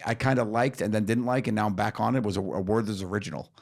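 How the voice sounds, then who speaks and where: A man co-hosting a comedy podcast, chatting casually in an animated, joking way, laughing often and swearing freely. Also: on the low side, fast, creaky. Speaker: podcast co-host.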